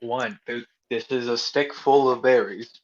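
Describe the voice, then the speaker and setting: A man of middle pitch talks plainly and matter-of-factly as a player in a tabletop game. His audio is dull and lo-fi. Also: steady tone, a little slow. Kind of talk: casual tabletop game chat.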